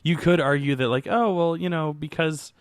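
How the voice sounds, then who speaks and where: A man's voice: fairly high pitch, normal speed, smooth, no room sound, studio quality. A man co-hosting a casual movie commentary podcast, joking and rambling with many fillers. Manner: joking, rambling, laughs often. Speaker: podcast co-host.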